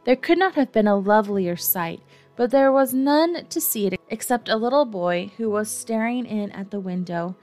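Woman reading a kids storybook aloud, gentle and a bit wry, faint music behind. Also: medium pitch, expressive, normal speed. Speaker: audiobook narrator. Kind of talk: storybook narration.

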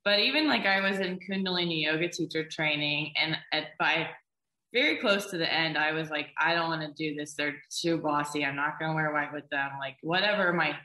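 A woman co-hosting a casual conversation, chatty and quick to agree. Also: low-pitched, bright, forceful tone. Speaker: co-host. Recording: echoey room.

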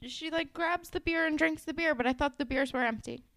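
A young woman co-hosting a casual recap chat, throwing in wry, quick quips. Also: high voice, fairly bright tone, dry recording, clean studio sound. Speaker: podcast co-host.

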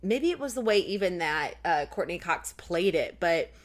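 Chatty woman recapping, lowish voice. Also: sing-song, moderate pace. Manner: chatty, recounts scenes with lots of "like". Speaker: podcast co-host. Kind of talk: casual recap chat.

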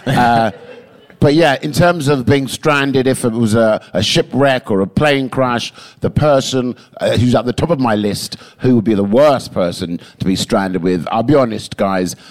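A man from London, a podcast guest in casual chat, telling stories with lots of swearing and animated swings. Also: mid-range voice, a little slow.

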